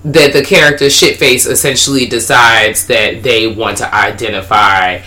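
Co-host with a bright, clear tone, halting and wry in relaxed movie talk. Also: mid-range voice. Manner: hesitant, filler-heavy, wry asides. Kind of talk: casual movie discussion.

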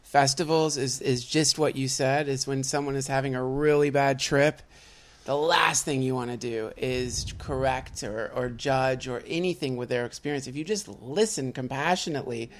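Male podcast guest, eager and inquisitive, quick interjections, mid pitch. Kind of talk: casual conversation.

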